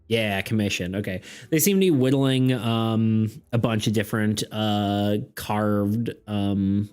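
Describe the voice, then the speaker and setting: A man's voice: lowish voice, slow, a little mellow, smooth. A man running a streamed tabletop game, rambling and hesitant, with self-deprecating asides. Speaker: game master. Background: faint background music.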